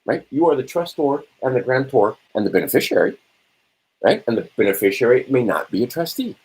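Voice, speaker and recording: A man's voice: mid-range voice, very animated, fairly quick, a little mellow, breathy edge, poor audio. A man giving an informal lecture, asking and answering his own questions and checking in with "right?" as he goes. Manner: rhetorical, keeps checking in with "right?". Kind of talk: informal lecture to a small audience.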